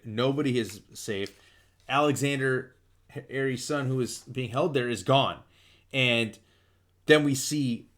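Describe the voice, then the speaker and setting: A man hosting a comic book show talks through a story in a relaxed, chatty way. His pitch sits in the middle of the usual male range. He gets openly excited, piles up fillers and restarts, and keeps the retelling loose and unscripted. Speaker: comic book podcast host. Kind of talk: casual comic book recap.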